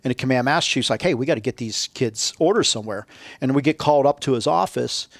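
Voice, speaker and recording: A man's voice: mid-range voice, fast, vocal fry, dry recording, clean studio sound. A man telling a long, profane story in a casual interview, acting out the people he quotes. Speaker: podcast guest, retired Navy SEAL.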